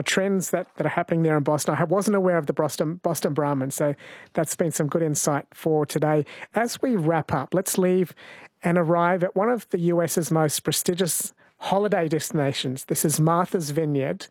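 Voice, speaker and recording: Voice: mid-range voice, normal speed, a little mellow, no echo. A host in a casual conversation, asking curious follow-up questions. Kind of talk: casual radio-style conversation.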